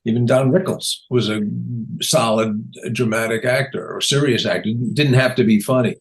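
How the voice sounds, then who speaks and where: Man telling stories, animated and chatty. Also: medium pitch, moderate pace. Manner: animated, acts out quotes in raised voices, laughs often. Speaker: guest comedian. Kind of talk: casual interview storytelling.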